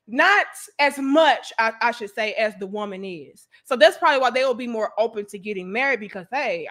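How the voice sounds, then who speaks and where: A woman host with a St. Louis accent giving loose livestream commentary, profane and animated, laughing often and answering viewer comments. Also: medium pitch. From St. Louis, USA.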